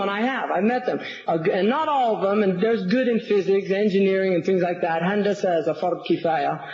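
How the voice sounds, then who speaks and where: A man, an Islamic scholar, giving a public lecture and answering audience questions, animated and sarcastic, often repeating words as he builds a point. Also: high voice, slight background noise. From United States. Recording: roomy, dull lecture hall recording.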